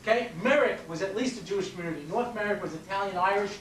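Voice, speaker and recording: A New York educator and rabbi from Long Island lectures through stories in a quick, slightly bright, high voice, checking in with listeners again and again. The mic is far off in a roomy space, picking up faint noise.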